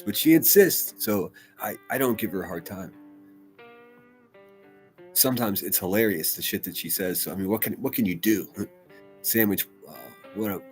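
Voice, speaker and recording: A rather low-voiced man talks casually on his live stream, reading chat aloud and riffing between comments. He swears freely and doubles back on his words as he tells stories. Soft guitar music plays faintly underneath. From United States. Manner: loose and profane, rambling with restarts. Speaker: livestream host.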